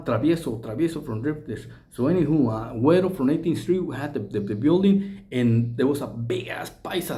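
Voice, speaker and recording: A man's voice: on the high side, dark tone. A middle-aged man telling a rambling, casual story full of slang, swearing and restarts. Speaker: storyteller recounting prison life.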